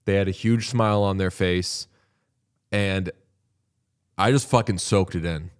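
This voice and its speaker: A man's voice: sits low, a little slow, clean tone. A man co-hosting a casual sports podcast, telling rambling stories with plenty of swearing. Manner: rambling storytelling, heavy swearing. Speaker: podcast co-host. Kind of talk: casual chat.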